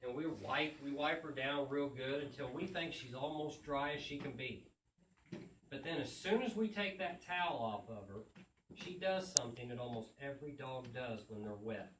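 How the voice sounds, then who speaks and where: A man, a visiting children's author, tells a story and asks schoolchildren lively questions. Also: mid-range voice, normal speed, distant mic, slight background noise. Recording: echoey room, mic from afar.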